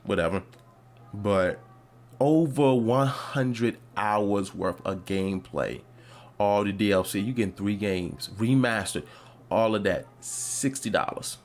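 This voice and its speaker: Taking his time, a podcast host with a lowish voice chats loosely about a video game, rambling along with lots of fillers and restarted sentences.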